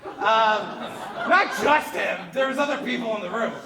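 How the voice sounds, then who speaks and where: A Canadian man in his thirties performs stand-up into a handheld mic, animated and profane, often bursting into shouts. His voice sits high for a man. It rings around a big echoey theater under heavy audience laughter. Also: measured pace, vocal fry, crowd noise, background noise. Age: 30s. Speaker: stand-up comedian. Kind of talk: live stand-up comedy with crowd work. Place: large theater stage, live audience.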